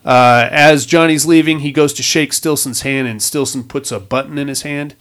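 A man's voice: fairly high pitch, steady tone, moderate pace, a bit bright. A man casually recapping a movie plot, rambling and swearing with wisecracks. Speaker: podcast host.

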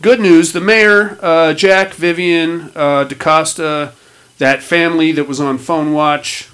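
A man's voice: fairly high pitch, slow, clean tone. A man casually recapping a film plot with lots of swearing, acting out lines from the story. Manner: animated, swearing, acting out quotes. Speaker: podcast host recapping a film. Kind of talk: casual profane movie recap chat.

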